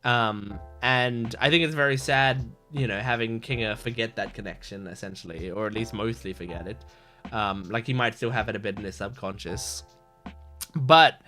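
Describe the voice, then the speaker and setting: A man's voice: medium pitch, pushed and bright. A man hosting a reaction video, giving earnest, rambling, reflective commentary in a casual way.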